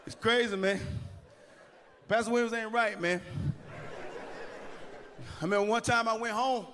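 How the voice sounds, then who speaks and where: A man doing live stand-up comedy, telling stories with animated, playful asides to the crowd. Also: high-pitched, measured pace. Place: large live comedy venue. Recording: reverberant live venue with faint room noise.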